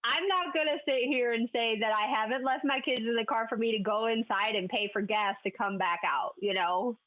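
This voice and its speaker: A woman's voice: a little high, fairly quick, a bit bright. A woman co-hosting a podcast, chatting casually with lots of giggling. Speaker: podcast co-host. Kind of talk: casual chat. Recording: dull lo-fi podcast audio.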